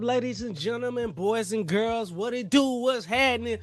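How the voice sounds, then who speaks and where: High, lively hype-man livestream host. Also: moderate pace, faint music behind. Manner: energetic, slangy, hypes the chat.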